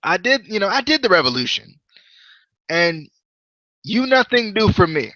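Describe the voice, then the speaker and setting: A podcast host puts on an excitable wrestler with a broad put-on Indian accent. The voice jumps high and sing-song as he speaks in broken English. The mic sounds dull and dry. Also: moderate pace, no echo, heavily acted. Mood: hyped. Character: brash foreign pro wrestler, grown man, excitable.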